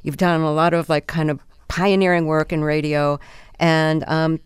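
An older woman hosting a radio interview and reading scripted introductions in a measured way. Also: deep voice, flat delivery, smooth, dry recording, clean studio sound.

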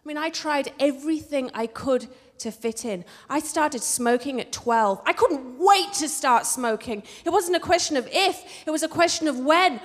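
A woman with an English accent telling a personal story on stage in a wry, expressive way. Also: high-pitched, normal speed, hardly any pauses, big-room sound. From England. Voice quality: wry, expressive, switches between posh and street voices.

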